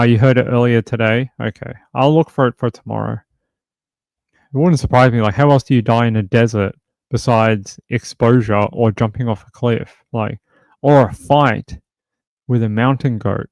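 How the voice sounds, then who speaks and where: A man of middle pitch hosts a true crime livestream from home, talking loosely and rambling with plenty of filler words. His voice is recorded close and dry, with no room sound. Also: fairly even intonation, moderate pace, gravelly, long pauses, darkish tone, no room sound. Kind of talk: casual livestream chat.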